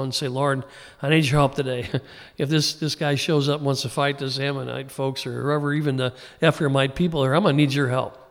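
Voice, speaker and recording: Male pastor, conversational sermon, folksy and informal, slightly high voice. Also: gravelly, long reverb tail. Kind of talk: conversational Bible teaching sermon.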